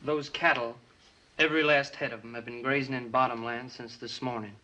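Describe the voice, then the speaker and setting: An actor playing a cocky, hot-headed youngest brother with a brash, teasing manner in a 1950s TV western. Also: male voice, mid-range voice, steady tone, a little fast, bright, forceful tone, slight background noise, natural voice, poor audio. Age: young adult. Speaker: youngest ranch son.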